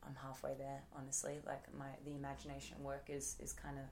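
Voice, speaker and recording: A woman's voice: extremely low pitch, monotone, quick pace, vocal fry, a little mellow, a little hiss or hum. A woman in her thirties with an Australian accent, chatting casually as an interview guest, full of fillers and restarts. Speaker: actress guest.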